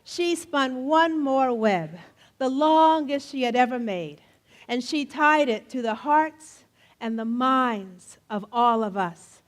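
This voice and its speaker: A middle-aged woman telling folktales live in a festival tent, playful and animated, joking with the audience and leading them in refrains. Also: high voice, slow. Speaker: storyteller. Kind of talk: live storytelling performance. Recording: faint audience crowd behind. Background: faint crowd of listeners.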